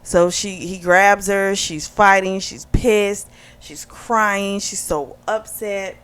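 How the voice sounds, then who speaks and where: A woman giving a casual book review, retelling the plot in an animated way and acting out the dialogue. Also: mid-range voice, slow pace, clean tone.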